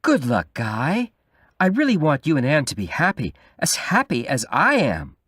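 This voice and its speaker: A man voicing a sly, unsettling madman who speaks in a soft, insinuating way. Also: fairly high pitch, wildly swooping pitch, moderate pace, husky, no echo, studio quality, pitched above the performer's own voice, heavily acted. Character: smooth, unsettling madman charming at a wedding.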